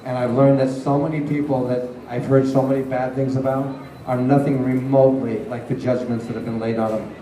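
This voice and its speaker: A man's voice: mid-range voice, level tone, fairly quick, dark tone, slight background noise. A man, a guest at a convention panel, telling chatty stories to the crowd with frequent laughs during a Q&A. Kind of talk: convention Q&A storytelling. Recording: roomy hall picked up from a distance.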